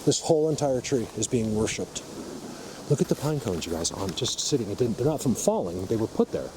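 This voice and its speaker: A man with an average pitch, talking with emphatic insistence straight to his viewers as he films a walk through the woods. His voice comes through a camera mic with clear outdoor noise behind it and a vehicle now and then. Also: sing-song, brisk. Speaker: vlogger, Bigfoot field researcher. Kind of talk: walk-and-talk field vlog. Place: outdoors in a forest. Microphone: camera mic while filming. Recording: outdoor ambience, noisy, faint vehicle.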